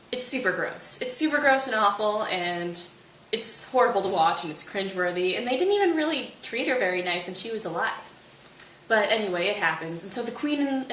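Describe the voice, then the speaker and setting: A woman retells a play casually, wry and full of slang, her voice at an ordinary middle pitch. She sits a little away from the mic in a roomy space, with faint hiss behind her. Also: fairly bright tone, recorded from a distance. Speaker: student summarizing a play.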